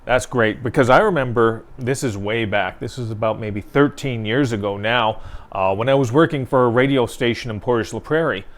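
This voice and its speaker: A man's voice: medium pitch, moderate pace. A man co-hosting a local newspaper talk show, telling stories in a chatty way and laughing often. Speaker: newspaper co-host. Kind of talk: casual chat.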